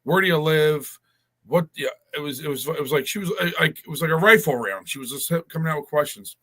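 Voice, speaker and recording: A man's voice: fairly high pitch, fast talker, pushed and bright. A man telling a long, rambling story in casual chat, with many restarts.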